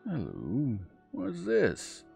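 A big, greedy bully of a man read by a man who blusters and threatens. His voice is very deep and gravelly, with a dark tone and lively swings. Bedtime storybook feel with faint music behind. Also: normal speed, exaggerated voice. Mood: blustering.

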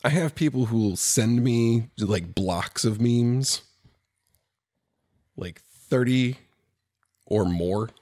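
A young man co-hosting a podcast in casual chat, low-key with short, dry replies. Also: slow pace, long pauses, warm tone. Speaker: podcast co-host.

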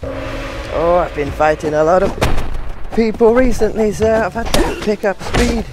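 A man commenting casually on his own gameplay, calm one moment and whooping with excitement the next. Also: sits high, a little slow, noisy background. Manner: excitable, with sudden whoops and exclamations between calm remarks. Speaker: gaming video host. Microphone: personal mic. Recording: game music playing behind.

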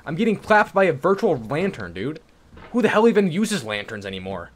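Young man raging loudly at a game. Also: big pitch swings, a little fast. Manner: swings from yelling rage to low mumbling; swears and insults the game. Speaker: gaming YouTuber. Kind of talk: casual gameplay commentary.

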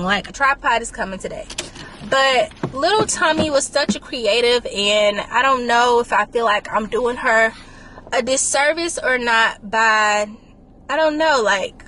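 A young woman with a fairly high voice, vlogging in a candid, rambling, emotional way. Steady background noise and passing vehicle sounds sit under her voice. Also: unhurried. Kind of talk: casual reflective vlog chat.

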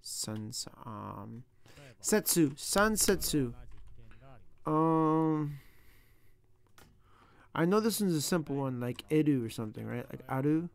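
A man's voice: on the high side, animated, slow pace, vocal fry, pauses often. A man working aloud through practice sentences, sounding out words and joking to himself as he studies. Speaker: language learner. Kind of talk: self-talk while studying.

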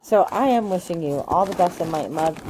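A woman chatting casually through a gift box unboxing, gushing and excitable, with plenty of ums and likes. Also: lowish voice, fairly quick, noisy background. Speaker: unboxing vlogger.

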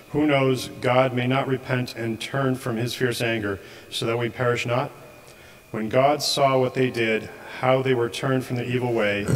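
A man reads scripture aloud at a church service. He keeps a steady, measured pace at a mid pitch and now and then trips over a word. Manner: steady measured reading with occasional slips. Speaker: scripture reader. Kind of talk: liturgical reading.

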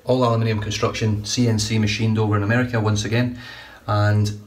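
A man's voice: fairly low pitch, flat delivery, fairly quick. A man casually reviewing shaving products, chatty and enthusiastic, a little rambling. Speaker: shaving vlogger. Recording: distant mic, faint room noise.

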